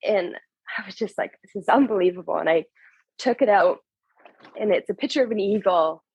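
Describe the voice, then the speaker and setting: A young adult woman, a podcast guest, telling an emotional personal story in a candid, animated way, laughing through it. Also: medium pitch, brisk, husky, no room sound, rough recording.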